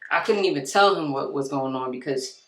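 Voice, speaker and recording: A woman's voice: extremely low pitch, brisk, a little hiss or hum. A young woman vlogger telling a heated story and acting out both sides. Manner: emphatic, heated. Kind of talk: storytime while doing her hair. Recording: echoey room.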